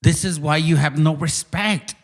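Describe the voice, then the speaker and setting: A man's voice: a little high, normal speed. Host, male, heated rant; aggressive, mocking delivery in a slightly raised voice. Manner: combative, profane, mocking. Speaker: channel host.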